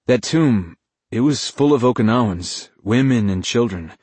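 A man's voice: mid-range voice, animated, normal speed, a little mellow, breathy edge, no room sound, voice pushed up. A man voicing an earnest, conscience-stricken young soldier who argues urgently.

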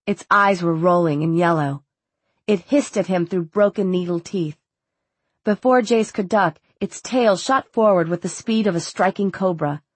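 Husky woman narrating a novel. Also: lowish voice, dry recording. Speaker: audiobook narrator. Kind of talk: scripted narration.

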